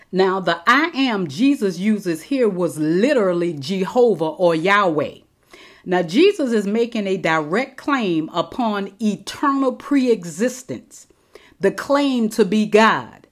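A woman teaching the Bible in a sermon style, slowing down to stress quoted scripture. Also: medium pitch. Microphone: recorded teaching episode.

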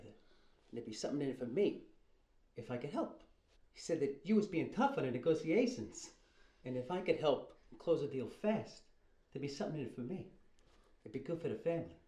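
A man's voice: mid-range voice, dark tone, voice pushed down, lightly acted. A man puts on a whiny, resentful younger brother of a crime family, his voice swinging wide and climbing as he pleads. It rings in a roomy space. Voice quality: pleading, rising voice. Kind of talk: film scene impression.

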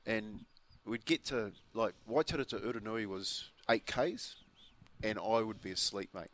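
A man's voice: lowish voice, a little slow, fairly bright tone. A New Zealand man in his fifties, a breakfast radio co-host telling a rambling story with restarts in casual chat. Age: 50s.

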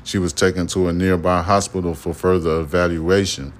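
A man with a lowish voice hosting a casual news podcast. He talks in a loose, street-style way, full of profanity, and keeps circling back to the same point. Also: flat delivery, fairly quick. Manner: loose, profane, acts out imagined dialogue. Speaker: podcast host.

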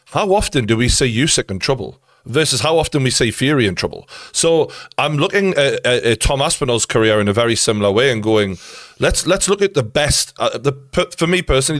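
A man's voice: medium pitch, fairly bright tone, dry recording. Podcast host guy, keen, lots of likes and ums, dry close sound. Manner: enthusiastic, thinks aloud with fillers. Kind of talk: casual chat.

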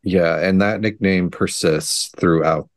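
A man co-hosting a podcast, musing aloud in relaxed, casual chat. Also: low-pitched, slow, no room sound, clean studio sound. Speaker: podcast co-host.

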